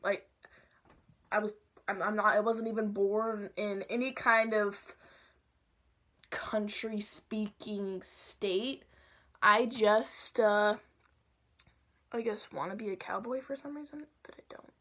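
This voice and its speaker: A young woman chatting casually and playfully through a makeup tutorial at home, sometimes dropping to soft asides. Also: mid-range voice, steady tone, a little slow, pauses often. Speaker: makeup vlogger.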